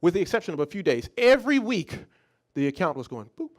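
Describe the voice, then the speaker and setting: A man who is a psychologist, giving a motivational talk as a lively story, often restarting and repeating words. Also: high voice, fast talker. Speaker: psychologist and speaker.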